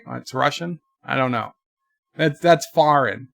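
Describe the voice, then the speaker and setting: A man's voice: medium pitch, measured pace, creaky, no room sound. A man streaming live, reading viewer letters aloud and answering them in a rambling, jokey way. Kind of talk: casual live-stream chat.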